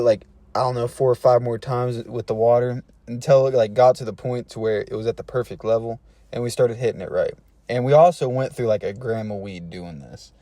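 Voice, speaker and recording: A man's voice: mid-range voice, dark tone, no room sound. A man telling a funny personal story in a laid-back, slangy way, chuckling between phrases. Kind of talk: casual storytelling.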